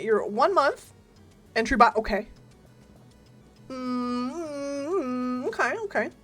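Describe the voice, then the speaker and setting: Lively, giggly woman streamer. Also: on the high side. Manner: giggly, playful, talks to chat. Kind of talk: casual gaming stream chat. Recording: faint game music behind.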